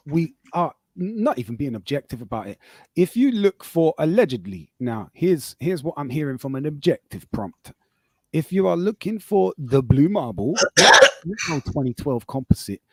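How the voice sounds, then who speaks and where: A man's voice: a little high, slightly rough, no echo. A man on a live podcast call, arguing casually, swearing and reading aloud off his screen. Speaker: podcast host.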